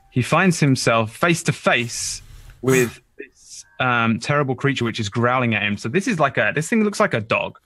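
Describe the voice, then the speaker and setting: A man running a tabletop game as dungeon master, narrating in a relaxed, hesitant way with many fillers. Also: medium pitch, no echo.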